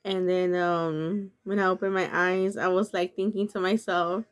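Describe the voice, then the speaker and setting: A woman's voice: on the low side, level tone, normal speed, hardly any pauses, clean tone. A woman vlogger telling a personal story in a casual, earnest, confessional way, with many filler words.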